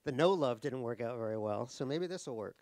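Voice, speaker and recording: Wry, gravelly American man. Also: medium pitch, expressive, a little fast, a little mellow, no echo. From New York, USA. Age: middle-aged. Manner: wry and joking, self-mocking, many restarts. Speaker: author and guest speaker. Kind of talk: casual conversation on stage. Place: cultural center event hall.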